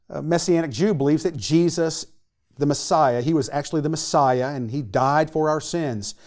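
A male pastor delivering a sermon in a somewhat high voice. He tells the story with lots of energy, asks the congregation questions and acts out the quoted lines himself. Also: darkish tone.

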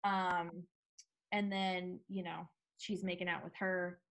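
A woman's voice: on the low side, little pitch movement, takes it slowly, fairly bright tone. A woman chatting casually as a podcast co-host, recapping a TV episode with lots of fillers.

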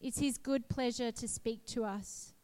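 Earnest woman preaching slowly. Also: a little high, fairly even intonation, warm tone, clear, resonant tone. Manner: earnest, emphatic storytelling. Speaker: preacher sharing testimony. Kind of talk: sermon with personal testimony.

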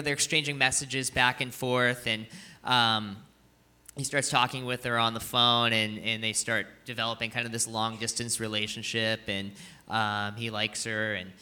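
Bright-voiced man telling a story. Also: on the low side, clean tone. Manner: rambling, full of fillers and restarts; earnest and moved. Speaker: speaker sharing a film story. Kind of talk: casual storytelling in a sermon.

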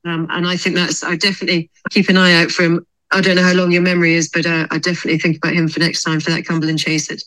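A woman racehorse trainer being interviewed on a podcast, explaining her plans in a thoughtful, measured way. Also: lowish voice, little pitch movement, fairly bright tone, rough recording.

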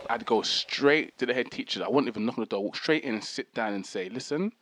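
A man's voice: lowish voice, fast talker, no room sound. A man, chatting casually as a podcast co-host and acting out the people in his stories. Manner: animated storyteller, acts out quotes. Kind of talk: casual banter.

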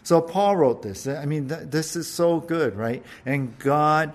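A man giving a conversational sermon, laughing often, asking his listeners questions and slowing down to stress scripture. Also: a little high. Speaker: pastor.

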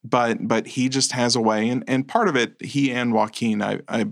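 A man's voice: mid-range voice, fairly even intonation, moderate pace, gravelly, dry recording, studio quality. A man co-hosting a podcast about movies, talking casually, rambling a little and correcting himself as he goes. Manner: rambling, self-correcting, chuckles often. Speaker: podcast co-host. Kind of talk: casual film chat.

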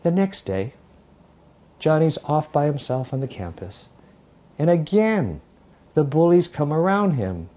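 A man's voice: fairly high pitch, big pitch swings, a little slow, pauses often, dark tone. A man preaching an Easter sermon, telling a parable in a conversational, storytelling way. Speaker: pastor.

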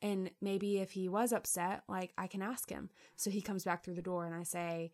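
A woman's voice: on the low side, level tone, brisk, few pauses, darkish tone. A woman co-hosting a casual conversation, earnest, giving everyday examples and affirming her partner.

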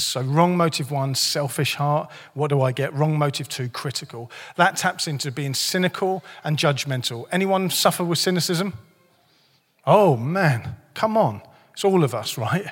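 Hoarse, joking pastor in a reverberant hall. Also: male voice, on the high side. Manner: lively, joking, conversational preaching. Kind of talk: sermon. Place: church hall.

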